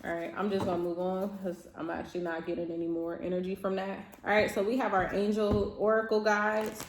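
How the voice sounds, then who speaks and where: A woman's voice: medium pitch, level tone, brisk. A woman reading tarot cards for her viewers, talking in a casual, emphatic and reassuring way. She repeats her points and laughs often. The sound is roomy and echoey, with a faint hiss behind her. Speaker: tarot reader and therapist.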